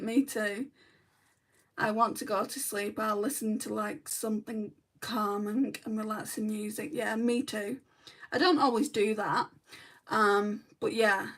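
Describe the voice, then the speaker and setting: Woman, rambling, frequent ums, creaky, a little distant from the mic. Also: medium pitch, a bit bright. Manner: chatty, rambling, many ums. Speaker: beauty vlogger. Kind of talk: casual chat while doing makeup. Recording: voice a bit far from the mic.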